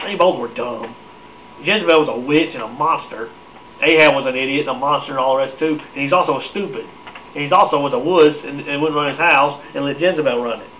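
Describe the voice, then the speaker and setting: A male preacher gives an informal sermon in a blunt, mocking voice and often restarts his sentences. His pitch sits a little high. The recording is dull and lo-fi, with a faint hiss. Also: fast.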